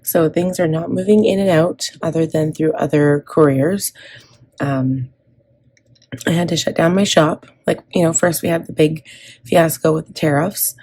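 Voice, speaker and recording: A woman's voice: deep voice, normal speed, a little mellow, breathy edge. A woman from Canada in her thirties chatting casually as she plans and decorates her planner, rambling with frequent ums and restarts. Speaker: planner vlogger.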